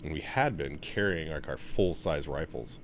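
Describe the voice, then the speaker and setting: Low-voiced man telling a wild story. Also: moderate pace, slight background noise. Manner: animated, swears a lot, gets loud and high when excited. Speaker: podcast co-host. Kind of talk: casual storytelling chat.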